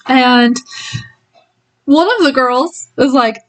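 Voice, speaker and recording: A woman's voice: high voice, very slow, long pauses, low-quality recording. A woman giving a casual spoiler book review, retelling the story in a rambling way with many ums and small laughs.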